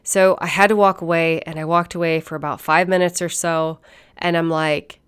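A woman's voice: lowish voice, steady tone, moderate pace, clean tone. A woman coach telling a casual, blunt story with frequent swearing and laughter. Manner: blunt and profane, laughs often. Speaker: fitness and nutrition coach.

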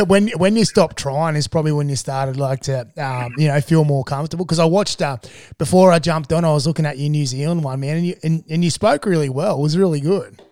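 Aussie male host, slightly high voice, friendly mate-and-bro chatter, dry close sound. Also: fairly quick, few pauses, darkish tone, no echo. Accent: Australian. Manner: encouraging, chatty, calls guest mate and bro. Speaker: podcast host. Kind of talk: casual podcast interview.

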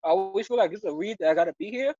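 A man giving an emotional personal testimony in conversation, earnest and halting, stumbling over restarts and near tears. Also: high-pitched, warm tone, dry recording, muffled recording. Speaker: church member sharing his story.

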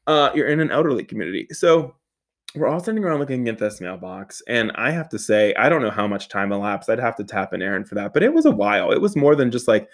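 A young man telling a comic personal story, animated, laughing often, swearing and making quick asides. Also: medium pitch.

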